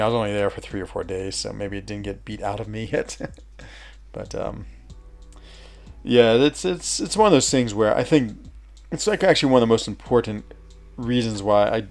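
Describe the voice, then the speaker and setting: A man's voice: fairly low pitch, gravelly, darkish tone. A man with an American accent, chatting casually with viewers as a streamer, rambling with many fillers and restarts. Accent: American, with a West Virginia lilt. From United States.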